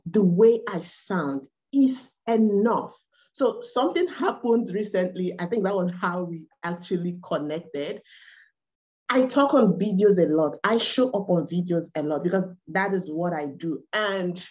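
A woman's voice: medium pitch, a little mellow. A woman from Nigeria with an Igbo accent, a guest in an interview, speaking emphatically and proudly and repeating words for stress. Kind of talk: conversational interview. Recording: dull lo-fi audio.

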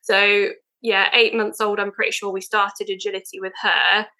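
A woman's voice: mid-range voice, flat delivery, normal speed, pushed and bright, poor audio. A young woman, a podcast guest chatting eagerly with lots of fillers. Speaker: guest, veterinary nurse. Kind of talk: casual podcast chat.

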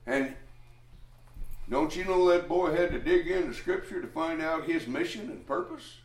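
A man with a voice on the high side preaches a sermon at a moderate pace, teaching a Bible passage in a folksy, rambling way with restarts and chuckles. The room is echoey, and he sounds far from the mic.

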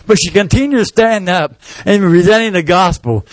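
A man's voice: high-pitched, normal speed, hardly any pauses, dry recording, low-quality recording. A male pastor preaching a sermon, telling a story and acting out the people in it in different voices. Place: church sanctuary.

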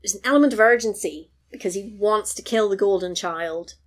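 A woman, retelling a film in casual chat, animated and quick to laugh. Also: mid-range voice. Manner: animated storytelling, laughs often. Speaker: podcast host recapping a film.

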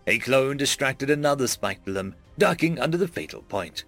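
A man narrating a web serial in first person, dramatic and expressive, dropping to a hush at pauses. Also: mid-range voice, faint music behind. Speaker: audiobook narrator.

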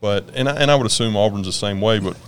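Low-voiced guest, halting and laughing. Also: male voice, slight background noise. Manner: halting, laughing, many restarts. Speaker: guest, former college football player. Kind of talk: casual sports talk.

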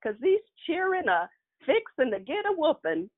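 A woman's voice: sits high, big pitch swings, pitched above the performer's own voice. A woman voicing a stern old grandmother with a Mississippi accent, scolding children and warning of a whooping. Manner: scolding, threatening, drawn-out warnings. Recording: tinny phone-like line.

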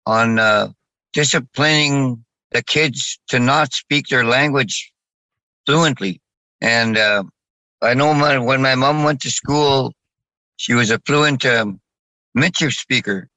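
Bright-voiced man speaking haltingly. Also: medium pitch, dry recording, rough recording. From Saskatchewan, Canada. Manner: halting, with many restarts and fillers. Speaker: guest. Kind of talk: casual interview talk.

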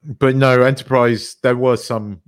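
A man's voice: medium pitch, steady tone, unhurried, clear, resonant tone. A man co-hosting a podcast, blunt and sweary, ranting in casual chat. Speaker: podcast co-host.

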